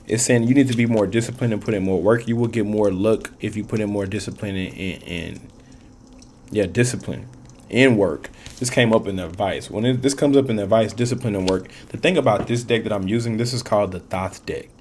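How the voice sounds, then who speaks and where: A man's voice: on the low side, fairly quick, a little mellow, a little hiss or hum. A man giving a casual tarot reading, rambling and repeating himself, in loose, profane street slang with frequent laughs. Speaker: tarot reader.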